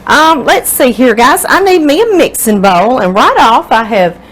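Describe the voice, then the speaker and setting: A middle-aged Louisiana woman with a Southern Louisiana accent hosts a casual cooking show from her home kitchen, chatting and rambling directly to viewers. Her voice is high and a bit bright, with lively intonation at normal speed, though the audio quality is poor.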